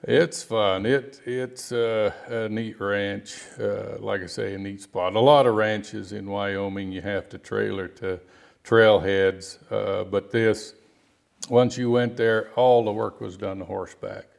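Low gravelly-voiced rancher man. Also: steady tone. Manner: rambling, halting storyteller with many restarts. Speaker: rancher and outfitter. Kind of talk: storytelling interview guest.

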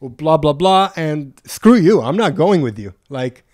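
A man telling a travel story on a podcast in a casual, animated way, swearing freely and acting out what people said. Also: fairly high pitch, measured pace. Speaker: podcast guest.

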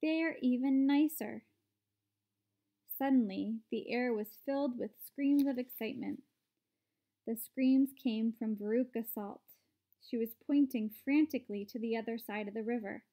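A woman narrating a children's book aloud in a steady, clear way. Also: fairly high pitch, moderate pace. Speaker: storyteller. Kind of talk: read-aloud storybook narration.

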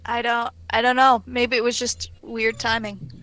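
A woman co-hosts a relaxed live game stream, teasing her partner dryly and reading chat messages aloud. Her voice is bright and a little high. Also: moderate pace. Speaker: co-host.

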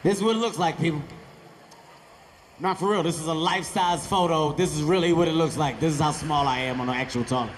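A man telling animated stand-up stories on stage, acting out voices and shouting. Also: a little high, fast, slight background noise. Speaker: stand-up comedian. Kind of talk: stand-up comedy storytelling. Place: large theater stage with audience.

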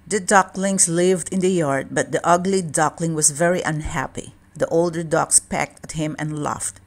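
A woman reading a children's storybook aloud in a calm, measured way. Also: deep voice. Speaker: children's book reader.

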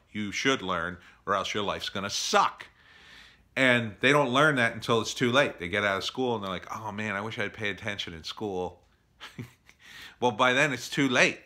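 A middle-aged man telling a story in a casual opinion monologue, animated, acting out others in exasperated bursts. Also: lowish voice.

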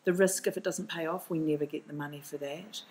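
A woman's voice: sits low, fairly even intonation, fairly quick, a little mellow, a little hiss or hum, rough recording. A middle-aged woman with a New Zealand accent, a documentary filmmaker speaking as a podcast guest, passionate and emphatic, often restarting her sentences. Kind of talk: podcast interview.

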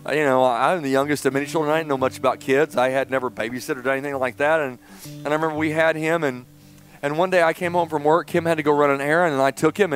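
A middle-aged man preaching a sermon in church, telling a personal story and swinging between loud emphasis and hushed, tender passages. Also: fairly high pitch. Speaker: pastor. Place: church sanctuary.

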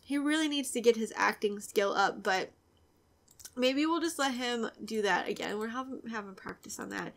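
A woman's voice: fairly high pitch, animated, moderate pace. Giggly, chatty young woman gamer. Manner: giggly and chatty, often dropping to a soft near-whisper. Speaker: gaming video creator. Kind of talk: casual let's-play commentary.

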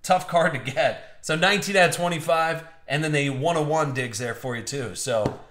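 A man's voice: on the high side, normal speed, fairly bright tone, reverberant. A man hosting a live-streamed trading card box break, chatty and upbeat, joking with viewers as he opens packs. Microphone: streaming mic.

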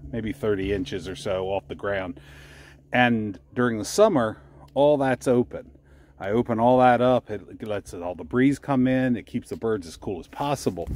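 A man's voice: medium pitch, darkish tone. A man from the Mid-Atlantic US, walking around a backyard chicken coop while vlogging casually, a bit out of breath, with lots of fillers and restarts. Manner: rambling, with many fillers and restarts. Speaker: homesteading vlogger.

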